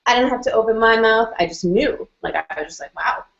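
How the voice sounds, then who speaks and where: A woman's voice: a little high, animated, fast talker, a bit bright. A woman telling a personal story in casual chat, filling her talk with "like" and "um" and acting out what people said. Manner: chatty, lots of "like" and "um", acts out quoted lines. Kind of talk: casual storytelling on a video call. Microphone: video call. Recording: roomy, muffled video-call audio.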